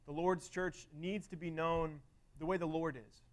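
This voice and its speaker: Earnest, higher-voiced male preacher. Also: steady tone, unhurried. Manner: earnest, conversational, with frequent restarts and filler words. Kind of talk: sermon.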